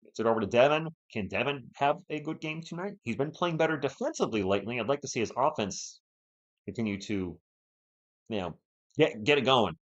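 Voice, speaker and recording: A man's voice: mid-range voice, a little fast, dull audio. A man hosting a fan live stream, calling the game play by play and bantering with the chat. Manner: animated, partisan, banters with chat.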